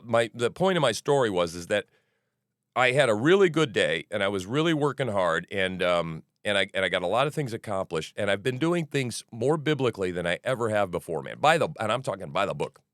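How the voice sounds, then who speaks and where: A middle-aged podcast host talks in a loose, rambling commentary, swearing freely and breaking off into asides. His voice sits low but leaps around with lively energy. The sound is dry and close, with no room around it. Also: clear, resonant tone, no echo. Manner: animated, profane, restarts and asides.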